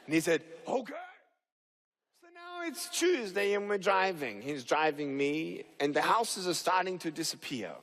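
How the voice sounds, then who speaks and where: A man's voice: on the high side, sing-song, moderate pace, hardly any pauses, a bit bright. A man giving a motivational talk on stage, telling a story animatedly and acting out the dialogue. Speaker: motivational speaker. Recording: reverberant hall.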